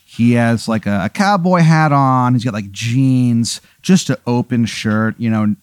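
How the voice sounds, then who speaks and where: A man's voice: mid-range voice, measured pace, smooth, dry recording. A man hosting a podcast, telling an improvised comic scenario in a loose, rambling way full of "like" and swearing. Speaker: host running an improvised scenario. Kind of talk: casual comedic storytelling.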